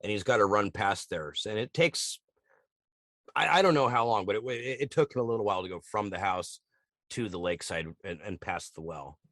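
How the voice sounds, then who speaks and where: A man co-hosting a podcast, retelling TV scenes in a lively, swearing casual chat and acting out lines in quick voices. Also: on the low side, no room sound, studio quality. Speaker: podcast co-host. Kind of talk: casual chat recapping a TV show.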